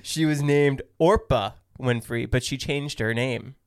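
A man's voice: mid-range voice, unhurried, noisy background. A young man co-hosting a casual podcast, playful and teasing, laughing often, reading sponsor ads. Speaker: podcast co-host.

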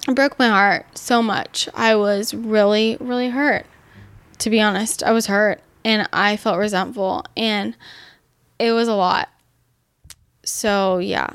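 A woman's voice: fairly even intonation, slow pace, clear, resonant tone. A young adult woman telling a personal story in casual, candid talk, full of fillers and blunt swearing. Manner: grows heated and higher when upset.

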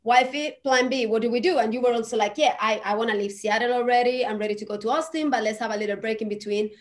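Encouraging woman, slightly high voice. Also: fast. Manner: encouraging, speaks to listeners as "people"; emphatic, motivational. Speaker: podcast co-host. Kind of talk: casual chat.

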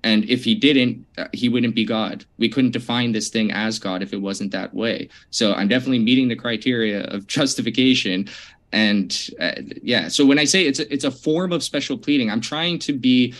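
A man in an online debate, defending his position in a relaxed, hesitant way. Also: mid-range voice, moderate pace.

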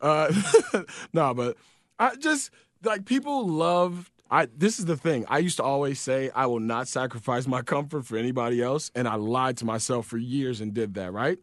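A man in casual chat, an animated storyteller who swears freely and acts out quotes. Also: medium pitch, normal speed, no echo, studio quality.

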